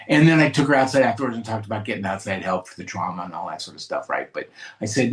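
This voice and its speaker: A man's voice: on the low side, quick pace. A man from California sharing his recovery story at a meeting, candid and conversational, with restarts and asides. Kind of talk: personal recovery share to a live group.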